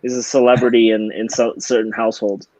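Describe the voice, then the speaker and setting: A man's voice: lowish voice, flat delivery, a little fast, dark tone, no echo. A man co-hosting a podcast in casual chat, wry and teasing, on slightly dull lo-fi audio. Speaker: podcast co-host.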